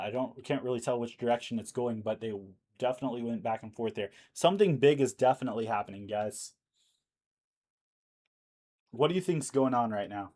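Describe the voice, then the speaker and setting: A man's voice: medium pitch, a little mellow. A man hosting a live news stream, talking casually and thinking aloud with fillers, and losing his voice. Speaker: livestream news host.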